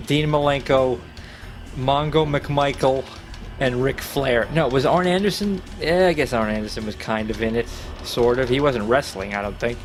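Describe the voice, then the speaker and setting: A man streaming a wrestling video game, reacting loudly and swearing as he plays. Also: medium pitch, moderate pace, faint music behind. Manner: excitable, swearing, trash-talking the game. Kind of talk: profane live gameplay commentary.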